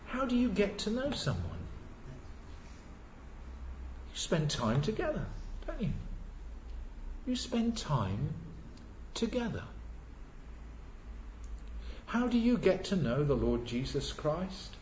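A man's voice: sits high, sing-song, slow pace, pauses often, a little mellow, a little hiss or hum. A man preaching a sermon earnestly, asking rhetorical questions and repeating key words for emphasis. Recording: echoey, dull lo-fi church recording.

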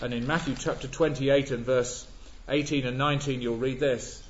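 A man preaching a sermon, measured and emphatic, leaning on repeated words. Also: mid-range voice, fairly even intonation, a little hiss or hum. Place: church. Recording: echoey church, dull lo-fi sound.

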